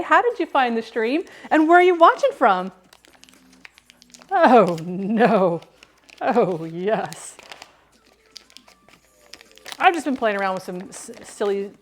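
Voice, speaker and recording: A woman hosting a casual cooking livestream from her kitchen, chatting to viewers, humming and singing along, and laughing often. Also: high voice.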